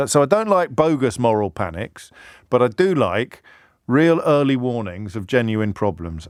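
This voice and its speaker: A man's voice: mid-range voice, no echo, clean studio sound. A middle-aged British man hosting a radio phone-in, talking in a wry, conversational way and often restarting his sentences. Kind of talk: talk radio monologue. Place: radio studio. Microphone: close studio mic.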